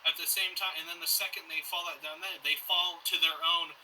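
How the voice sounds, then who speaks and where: Bright, rambling man, off-mic. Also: fairly high pitch, level tone, fairly quick, recorded from a distance, low-quality recording. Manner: rambling, profane and sarcastic. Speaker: podcast co-host. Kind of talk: casual chat. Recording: off-mic with faint hiss.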